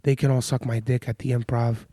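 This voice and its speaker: A man hosting a podcast, ranting in crude, sarcastic storytelling while sick and low on energy. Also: little pitch movement, a little fast, warm tone, slight background noise. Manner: heated, crude, sarcastic, mimics people in quotes. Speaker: podcast host. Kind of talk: profane storytelling rant.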